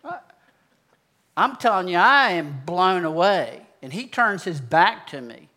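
A man's voice: sits high, sing-song, unhurried, sharp tone. A man preaching, telling a personal story in a folksy, conversational way. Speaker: pastor. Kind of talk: sermon testimony.

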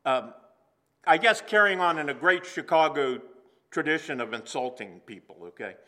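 A man preaching a sermon to a congregation in a church, earnest and slowing down for emphasis. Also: fairly high pitch, expressive, bright, forceful tone. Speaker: pastor. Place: church sanctuary.

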